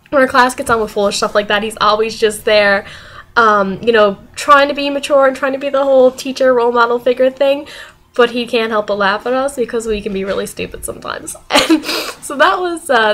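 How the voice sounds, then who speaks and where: Young woman vlogger, high bright voice, animated and giggly storytelling. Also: a little fast. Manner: animated, laughing often, acting out quoted voices. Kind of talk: casual storytelling vlog.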